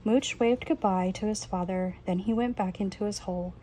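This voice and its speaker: Woman reading a kids book out loud, soft mellow voice, bit of background hiss. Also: medium pitch, normal speed, poor audio. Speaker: reader. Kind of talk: reading a children's picture book aloud.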